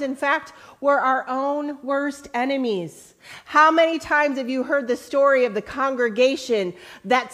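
Slow-paced woman preaching a sermon. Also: high-pitched. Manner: earnest preaching, rising to lively emphatic questions; slow, deliberate quoting of scripture. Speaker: pastor.

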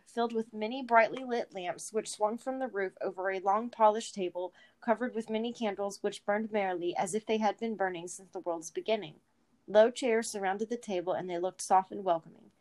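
A woman casually reading a story chapter aloud, relaxed, with chatty asides and some yawning. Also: medium pitch. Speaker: reader.

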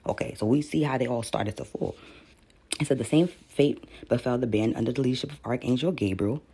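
Man, podcast Bible teacher, gravelly and husky, loose rambling delivery with restarts. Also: mid-range voice, a little fast, dark tone. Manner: rambling, repeats words, reads passages aloud. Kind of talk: casual religious teaching.

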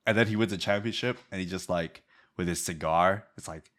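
A man co-hosting a podcast, chatting casually about basketball, relaxed and often laughing. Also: deep voice, a little fast. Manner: relaxed, laughing, acts out quotes. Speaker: podcast co-host. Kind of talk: casual sports chat.

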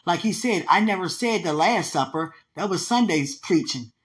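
A woman's voice: lowish voice, expressive, normal speed. A woman preaching in an emphatic, conversational way, teaching from a dream with repeated phrases. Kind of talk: sermon-style teaching about a dream.

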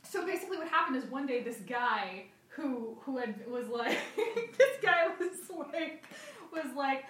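A young woman chatting on a podcast, telling an animated story full of laughs and restarts. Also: high-pitched, measured pace. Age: young adult. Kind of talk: casual chat, storytelling. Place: garage. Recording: echoey garage, mic at a distance.

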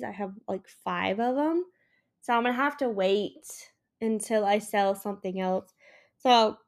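Tired, chatty young woman podcaster. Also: fairly high pitch. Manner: chatty, rambling, many "like" fillers. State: tired and yawning. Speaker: podcast host and small business owner. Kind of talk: casual solo podcast chat.

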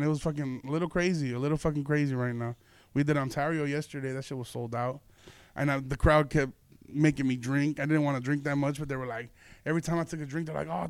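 A man's voice: a little high, smooth, dry recording. Laid-back profane man telling a story. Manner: loose, profane, laughing storyteller. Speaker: podcast host and comedian. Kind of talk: casual storytelling chat.

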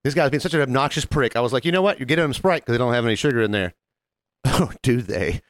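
A man co-hosting a casual podcast, telling an animated story and acting out the voices of the people in it. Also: mid-range voice, quick pace, no room sound. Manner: animated, jumps into mimicked voices of customers. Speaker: podcast co-host.

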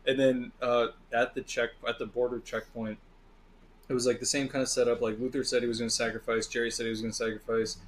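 Animated man telling game stories. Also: mid-range voice, fast talker, slight background noise. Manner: animated storyteller who acts out game characters. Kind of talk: casual gaming chat.

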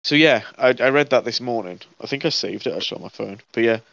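A man's voice: medium pitch, quick pace, creaky, a bit bright, no room sound, muffled recording. A man in casual podcast chat, sweary and rambling, laughing often. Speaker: podcast co-host.

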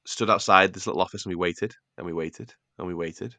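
A man's voice: low voice, fairly even intonation, a little fast, hardly any pauses, pushed and bright, dry recording. A young man from North Wales, a podcast co-host, telling football anecdotes in casual chat and acting out the quotes. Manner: storytelling, acts out quotes.

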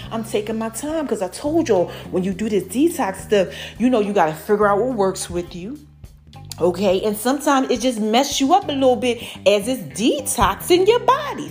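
A woman hosting her own podcast, giving a casual, effusive update to her followers, calling them y'all and baby. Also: on the high side. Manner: animated, effusive, addresses listeners as y'all and baby. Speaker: podcast host and brand owner.

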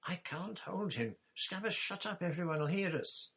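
A man voicing an anxious teenage boy who fusses over his pet rat, in a high, strained voice. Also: lively intonation, moderate pace, fairly bright tone, slightly rough, exaggerated voice. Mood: frantic.

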